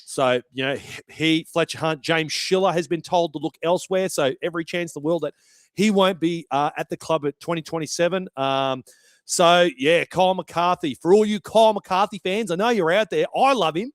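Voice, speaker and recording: A man's voice: fairly high pitch, moderate pace, dry recording. A young Australian man hosting a sports podcast in a brash, chatty way, swearing freely. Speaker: podcast host. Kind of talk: casual podcast commentary.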